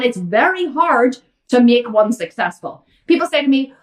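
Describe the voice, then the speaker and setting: A woman's voice: sits high, animated, normal speed, recorded from a distance. An Irish woman hosting a fitness Q&A, blunt and outspoken as she answers viewer questions. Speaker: fitness coach and host.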